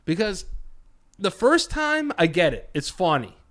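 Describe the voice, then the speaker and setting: A man co-hosting a casual podcast, with a voice pitched a bit high for a man. He tells stories animatedly, swears freely, and acts out the people he quotes. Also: sing-song, measured pace, fairly bright tone. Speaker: podcast co-host. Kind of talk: casual storytelling chat.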